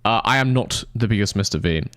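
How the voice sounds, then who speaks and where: A man's voice: fairly low pitch, animated, fast talker, noisy background. A young man chatting casually with his live-stream viewers, rambling and swearing in mock-indignant banter.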